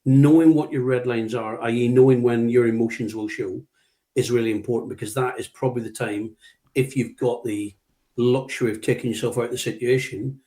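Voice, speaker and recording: A middle-aged British man, a leadership trainer, speaks emphatically in a conversational, anecdotal interview, repeating key words and acting out what he'd say. His voice is medium-pitched and mellow, with fairly even intonation and a brisk pace.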